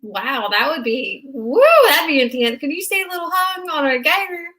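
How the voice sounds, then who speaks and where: A young woman, co-hosting a casual recap chat in an excitable, animated way. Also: high voice, normal speed, noisy background. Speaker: podcast co-host.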